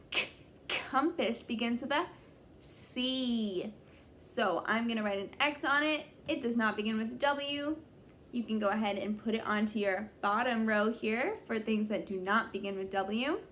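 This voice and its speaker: A young woman teaching young children a phonics lesson, sounding out letters slowly and praising them often. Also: fairly high pitch, a bit bright, a little hiss or hum. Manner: slow, exaggerated sounding-out of letters; encouraging, praising. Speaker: kindergarten teacher.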